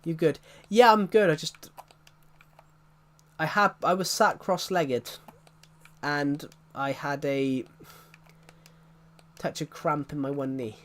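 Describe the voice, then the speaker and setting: A man's voice: a little high, fairly even intonation, slow pace, long pauses, slight background noise. A man with a Southwest English accent, a streamer chatting casually and rambling as he answers viewers' questions. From southwest England. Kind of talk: casual live-stream chat.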